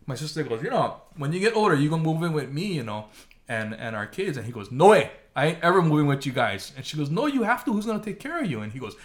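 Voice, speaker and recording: A man's voice: medium pitch, sing-song, quick pace. A man telling a family story in casual chat, laughing often and acting out the voices of his relatives.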